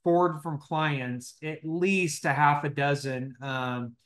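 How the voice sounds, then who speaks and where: A man's voice: on the high side, steady tone, takes it slowly, fairly bright tone. A man co-hosting a podcast, explaining legal compliance in a casual, joking way with false starts. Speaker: legal compliance expert, co-host.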